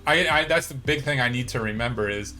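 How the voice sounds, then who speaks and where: Over a noisy crowd, a fast-talking, medium-pitched man from the United States, a native English speaker, rambles through a casual chat as a podcast co-host. His speech is packed with fillers, lots of likes and you-knows.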